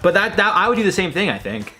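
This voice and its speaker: Young guy reacting to dumb tweets from his room, voice bouncing all over, swears a lot, bit higher voice, music under it. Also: quick pace. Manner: animated, rambling, swearing, laughing at own jokes. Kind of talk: casual reaction commentary. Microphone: desk mic at his computer.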